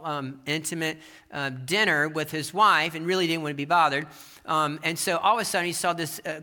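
Sermon preacher, bright tone, animated pacing, repeats lines for emphasis. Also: mid-range voice. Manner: animated, shifting pace, rising to emphatic peaks; repeats phrases and restarts as he builds. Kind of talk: sermon with storytelling. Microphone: presenting with slides.

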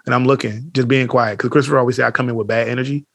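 A man co-hosting a podcast in casual chat, telling animated stories full of slang and swearing, acting out what others said. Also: medium pitch, rapid-fire, gravelly. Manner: animated storytelling, acts out quotes, heavy slang and swearing. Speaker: podcast co-host.

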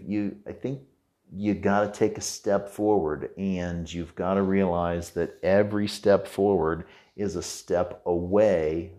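A man with a very low voice delivers a heartfelt motivational monologue to his listeners. He is casual and earnest, circling back to the same encouraging points and swearing lightly now and then. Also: dark tone. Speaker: podcast host.

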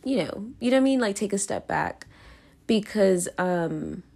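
A woman's voice: medium pitch, animated, normal speed, vocal fry, a little mellow, husky. A young woman hosting her own podcast, talking through her feelings in a rambling, self-conscious way full of fillers and restarts. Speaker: podcast host. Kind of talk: casual confessional monologue.

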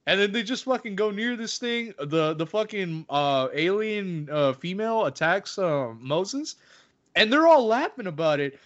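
A New man with a high-pitched voice chats animatedly, swearing freely as he acts out scenes. The audio is a little muffled, like a lo-fi recording. His bursts swing up and down as he retells moments. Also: animated, measured pace, a bit bright. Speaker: podcast co-host. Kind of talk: casual film-discussion chat.

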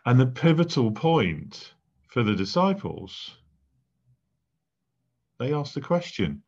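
Slow, measured vicar, lo-fi. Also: male voice, medium pitch, sing-song, darkish tone, slightly rough. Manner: measured, deliberate, with pauses between phrases. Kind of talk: sermon. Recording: dull lo-fi recording.

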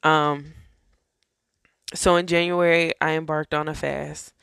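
A woman's voice: low-pitched, little pitch movement, takes it slowly, creaky, a bit bright, clean tone, no room sound, studio quality. A woman giving an earnest, casual personal faith testimony, talking to her viewers as y'all and friends. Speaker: faith vlogger.

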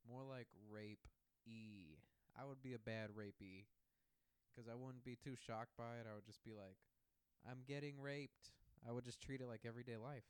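A man's voice: medium pitch, steady tone, normal speed, smooth, no room sound, low-quality recording. A man doing a brash, profane comedic monologue about football as a sports podcaster, jumping from topic to topic.

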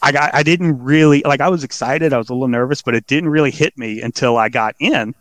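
A man's voice: medium pitch, quick pace, dry recording. A man from Louisiana, telling a story as a podcast guest in casual, profane chat and acting out other people's lines. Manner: animated, acts out other people's lines with shifting voices; casual and profane, laughs at his own story.

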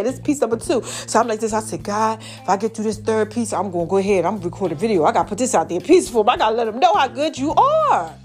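A woman, hosting a casual faith podcast and telling a story straight to her listeners. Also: fairly high pitch. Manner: chatty, animated storytelling, addresses listeners directly. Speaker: podcast host.

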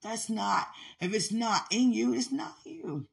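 A woman's voice: on the high side, lively intonation, a little slow, gravelly, breathy edge. A woman hosting a spiritual podcast, talking fervently to her listener and breaking into frequent laughter and exclamations. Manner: laughs often, exclaims and testifies with rising fervor. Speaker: podcast host.

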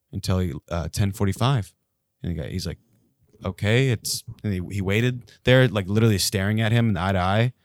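A man in casual podcast chat, swearing freely and telling animated stories. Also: on the low side, dry recording, clean studio sound. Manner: profane, animated storytelling.

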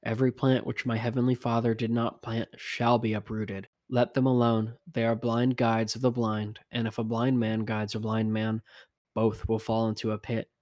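A man reading the words of Jesus as a grave teacher, in a measured, even scripture-reading voice. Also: medium pitch, no room sound, studio quality, lightly acted. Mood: solemn.

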